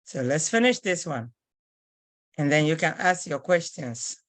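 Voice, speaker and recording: Woman teacher, slow and patient, animated pitch, dry close sound. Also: no room sound. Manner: slow, patient, repeats phrases word by word. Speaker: language teacher. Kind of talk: online language lesson.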